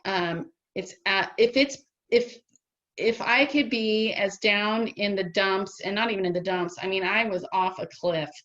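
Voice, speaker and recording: A woman's voice: medium pitch, measured pace. Enthusiastic woman guest on dull audio. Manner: lively, enthusiastic, many "um"s and restarts. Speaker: patient guest. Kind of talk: casual interview chat.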